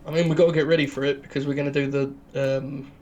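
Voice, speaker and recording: A man's voice: a little high, flat delivery, fast talker, darkish tone, slight background noise. A man co-hosting a casual game stream, making dry, wry jokes and asides to the viewers. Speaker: co-host. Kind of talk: casual chat while playing a game.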